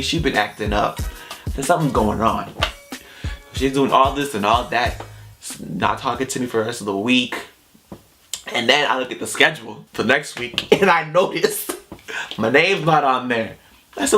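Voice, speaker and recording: Animated young man telling a story. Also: mid-range voice, fairly quick, soft background music. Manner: animated, emphatic, slangy retelling. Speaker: vlogger. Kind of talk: casual storytelling.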